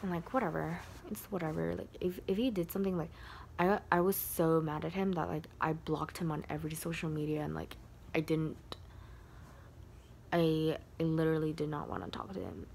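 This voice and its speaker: A young woman telling a casual storytime on her vlog. She rambles, leans heavily on "like", and sometimes drops into a soft whisper. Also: low-pitched, fairly quick, creaky, slight background noise. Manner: rambling, heavy use of "like" fillers. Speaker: vlogger.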